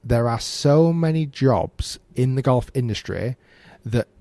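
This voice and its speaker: A man chats on a podcast in a mellow, warm voice. He explains things at an easy, relaxed pace and often restarts mid-sentence. The sound is dry and close, with no room echo. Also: medium pitch, takes it slowly. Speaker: podcast host. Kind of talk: casual podcast chat.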